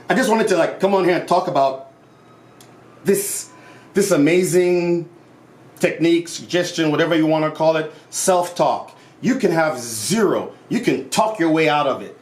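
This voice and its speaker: In a casual self-improvement vlog, a man speaks with passion and energy, acting out quotes as he tells his stories. His voice sits a little high, and the recording is reverberant.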